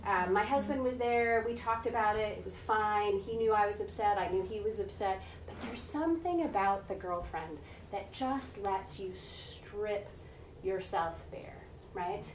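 A woman's voice: medium pitch, measured pace. Female preacher, 40s, chatty sermon storytelling, picked up from across a roomy hall, faint room noise. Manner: conversational, often asks "right?", acts out voices. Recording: echoey room heard from a distance.

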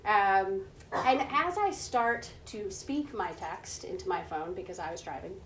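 A woman's voice: mid-range voice, expressive, measured pace, background noise. A woman in her forties gives a conversational sermon built around a personal story, often checking in with "right?" and acting out the voices in it. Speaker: preacher. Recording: echoey room heard from a distance.

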